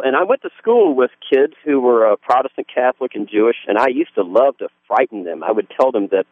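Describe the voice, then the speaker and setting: A man's voice: medium pitch, animated, brisk, hardly any pauses, dry recording. A man with a Southern US accent, a pastor telling his life story in a radio interview, earnest and folksy, often restarting his sentences. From Southern US (Georgia). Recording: dry, phone-like radio line.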